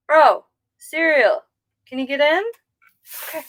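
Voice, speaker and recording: A woman's voice: a little high, animated, takes it slowly, pauses often, fairly bright tone, dry recording, rough recording. A woman giving a casual live tarot reading, rambling and easily sidetracked. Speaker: tarot reader.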